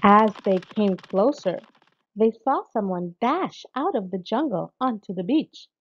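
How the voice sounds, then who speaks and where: A woman narrating a children's storybook aloud in a slow, expressive read-aloud manner. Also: medium pitch, slightly rough, dull audio. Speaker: audiobook narrator.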